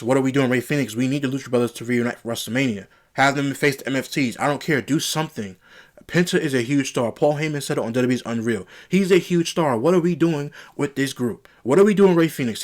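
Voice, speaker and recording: Male solo reviewer at an ordinary pitch, worked up and exasperated, firing off repeated rhetorical questions. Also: fast talker. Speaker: wrestling show reviewer. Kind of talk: opinionated solo review rant.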